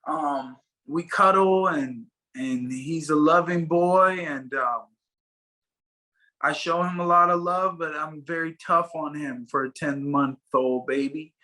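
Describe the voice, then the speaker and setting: A man's voice: on the high side, slow pace, sharp tone, rough recording. A man being interviewed as a fighter guest, talking casually and rambling with many fillers and restarts over a video call.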